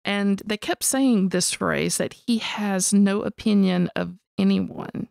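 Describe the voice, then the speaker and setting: A woman co-hosting a podcast, telling a story in an animated, casual way and swearing freely. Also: medium pitch, slow, gravelly, no room sound, studio quality. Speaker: podcast co-host.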